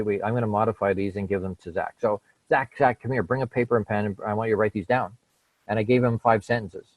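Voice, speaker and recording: A man's voice: lowish voice, a little mellow, no echo, low-quality recording. A middle-aged man, a podcast guest, telling a personal story in casual conversation, repeating words and restarting sentences as he makes his points. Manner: repeats words and restarts, emphatic about change.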